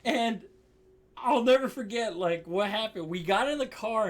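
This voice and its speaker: High, lively young man telling a story. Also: unhurried. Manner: laughing often, swearing, lots of "like". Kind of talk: casual storytime.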